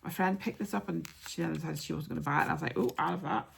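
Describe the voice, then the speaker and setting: A woman hosting a craft podcast, chatting casually with many ums and soft asides as she shows yarn and patterns. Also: deep voice, fairly even intonation, rapid-fire, creaky, slight background noise.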